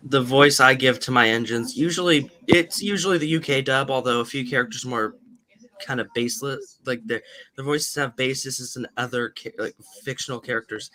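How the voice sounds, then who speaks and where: A man's voice: medium pitch, moderate pace, pushed and bright. A young man on a livestream, joking and rambling in casual chat. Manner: jokey, rambling, slips into silly voices. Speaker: friend on livestream.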